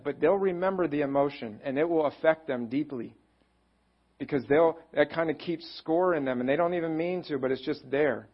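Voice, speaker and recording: A man's voice: on the high side, slightly rough, lo-fi sound. A man preaching a conversational sermon as a pastor, with self-deprecating humor.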